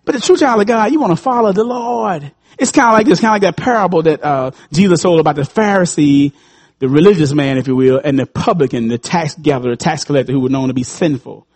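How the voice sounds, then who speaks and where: A pastor in his fifties preaching a sermon, swinging between loud, high calls and low, quiet asides. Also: fast, husky. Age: 50s.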